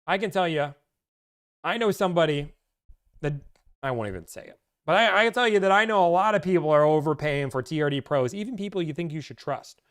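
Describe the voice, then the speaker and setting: Car-deal advisor, man with a slightly high voice, animated and joking, casual live-stream delivery. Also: a little fast, smooth.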